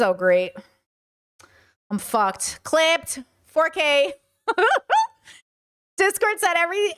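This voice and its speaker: A woman streamer with a high, bright-pitched voice and a California Valley girl accent talks straight to her chat. She reads viewers' comments aloud and answers them in a chatty run, tagging her points with "okay?" and "you know?". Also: smooth. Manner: talkative, frequent "okay?" and "you know?" tags; mimics other people's voices and mannerisms. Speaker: streamer and podcast host. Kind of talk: livestream monologue, reading chat aloud.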